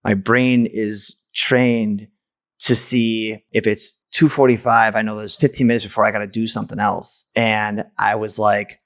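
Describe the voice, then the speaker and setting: A man's voice: on the low side, level tone, unhurried, fairly bright tone, no room sound, studio quality. A man from the United States, a podcast host, telling a personal story in a candid, blunt way with casual swearing.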